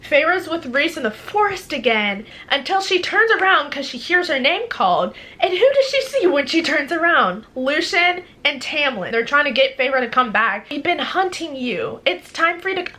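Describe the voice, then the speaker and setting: Young woman, book vlogger; bright, slightly high voice, gushes quickly. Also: big pitch swings. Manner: gushing, quick, with many fillers. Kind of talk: casual chat.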